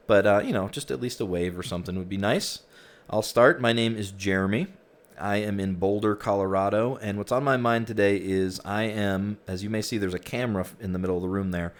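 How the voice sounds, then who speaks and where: A man's voice: on the low side, steady tone, fairly quick. A man hosting a virtual reality group session in a casual, easygoing way, chatting with frequent fillers, speaking through a headset mic.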